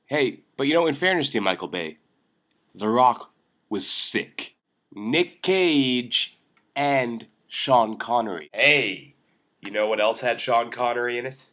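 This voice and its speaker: A young man hosting a comedic film commentary vlog, sarcastic and excitable, ranting with jokes. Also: medium pitch, slow. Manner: sarcastic, excitable, jokey rants. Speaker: vlog host.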